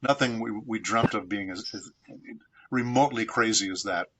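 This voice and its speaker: A man from San Diego with a bright, forward voice sitting at the low end of the usual male range. He tells stories from his voice acting work in an unhurried interview style, steady and reflective. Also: dull audio, slight background noise. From San Diego, United States. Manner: measured, reflective storyteller. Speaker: voice actor guest. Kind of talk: anecdotal interview storytelling.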